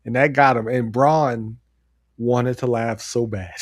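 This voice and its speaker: A man co-hosting a podcast, talking casually and excitedly, rambling with frequent laughs. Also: mid-range voice, slow, dry recording, studio quality. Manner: animated, rambling, laughs often. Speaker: podcast co-host. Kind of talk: casual wrestling chat.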